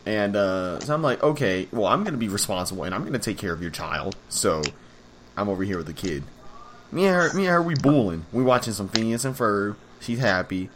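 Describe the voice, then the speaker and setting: A young man with a lowish voice tells a story in relaxed, slangy casual chat and swears freely along the way. Faint background hiss sits under the voice. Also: fairly quick. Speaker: podcast co-host.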